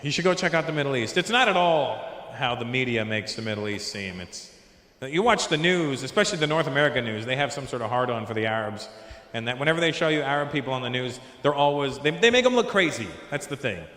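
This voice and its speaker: A man's voice: mid-range voice, animated, quick pace, sharp tone. A man doing a stand-up comedy set, riffing with the crowd and acting out voices on a handheld stage mic. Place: large comedy venue with live audience. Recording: echoey hall, crowd audible.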